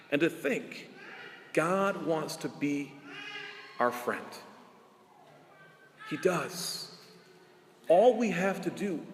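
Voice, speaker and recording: A priest giving an earnest sermon, asking rhetorical questions and drawing out his key words slowly. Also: high-pitched, in a large hall, a little hiss or hum. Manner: earnest preaching with rhetorical questions and slow emphatic endings.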